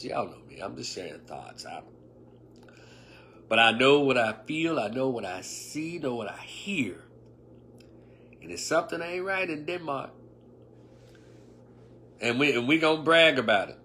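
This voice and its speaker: A man's voice: mid-range voice, pushed and bright, slight background noise. A man in his fifties talking casually on a livestream, emphatic and preachy, with sarcastic remarks and muttered asides. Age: 50s. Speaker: online commentator. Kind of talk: casual livestream opinion talk.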